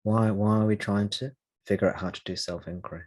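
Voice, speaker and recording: A man leading a spiritual meeting, answering a question in a slow, reflective way with long pauses. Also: fairly low pitch, steady tone, darkish tone. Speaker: satsang teacher.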